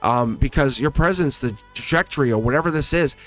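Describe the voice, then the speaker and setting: A man's voice: mid-range voice, brisk, a bit bright, faint music behind. Rambling male tarot reader. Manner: rambling, repeats and restarts phrases, chuckles often. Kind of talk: casual tarot reading to camera.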